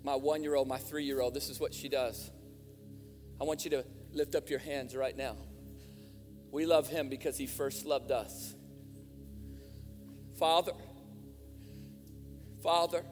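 A man preaching a sermon in a church, impassioned, swinging from hushed appeals to shouted fervor. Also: a little high, fairly even intonation, takes it slowly, pauses often. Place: church hall. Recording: music, long hall reverb.

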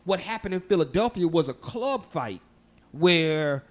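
Podcast co-host, man from Texas, fairly high voice, casual, swears, laughs often. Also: lively intonation, measured pace. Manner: loose, profane, laughing storyteller. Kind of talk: casual chat.

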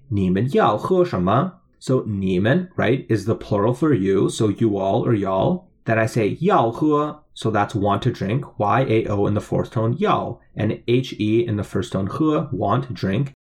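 A man's voice: on the low side, slightly rough. A man teaching a language lesson, explaining phrases word by word and spelling out their tones. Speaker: language teacher playing a waiter.

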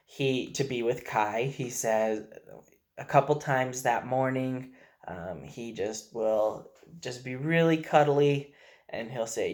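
A man's voice: medium pitch, slow pace. Earnest man telling family stories. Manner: earnest, gentle storytelling. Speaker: father. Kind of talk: casual video message.

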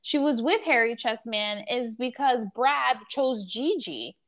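A woman co-hosting a podcast in casual chat, animated and swearing, laughing often. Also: on the high side, measured pace. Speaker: podcast co-host.

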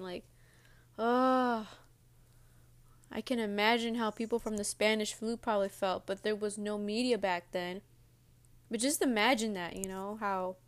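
A young woman chats to her viewers in a loose, rambling way, pausing to munch her cereal as she talks. Her voice is smooth and clear, sitting at an ordinary pitch for a woman. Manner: rambling, chatty, talks while eating. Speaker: vlogger. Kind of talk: casual chat to viewers. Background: audible munching on cereal.

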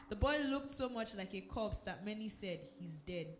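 A woman reading a Bible passage aloud in a steady, measured way. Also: mid-range voice, slight background noise. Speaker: scripture reader.

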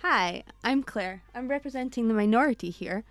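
A woman's voice: on the high side, moderate pace, a bit bright, dry recording. Teasing Scottish woman co-host. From Scotland. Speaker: podcast co-host. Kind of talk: casual podcast chat.

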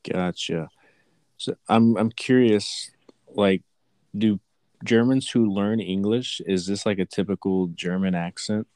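A man with a very low voice interviews casually. He asks relaxed, curious questions, recorded dry and close. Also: unhurried, no room sound. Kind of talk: casual conversation.

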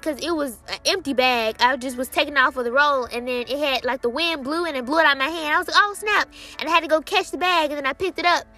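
A young woman, casually sharing a Christian testimony in an excited, chatty way, with many fillers and quoted dialogue. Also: high-pitched.

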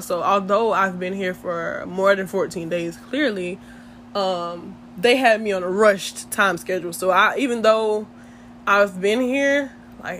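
A young woman chatting to her viewers in a lively, slangy storytime, laughing often. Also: medium pitch, slight background noise. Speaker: vlogger. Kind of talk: casual storytime chat.

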